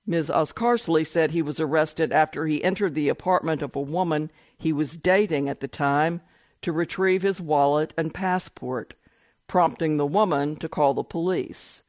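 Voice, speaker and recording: Man reading a news story, slightly high voice, dry close sound, steady and measured. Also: no room sound. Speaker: article reader. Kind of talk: reading a news report aloud.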